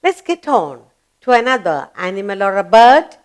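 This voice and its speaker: A woman's voice: mid-range voice, very animated, moderate pace. A woman teaching young children, asking questions, answering them herself and spelling words letter by letter in an emphatic, coaxing way. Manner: emphatic, coaxing classroom delivery. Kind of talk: children's grammar lesson.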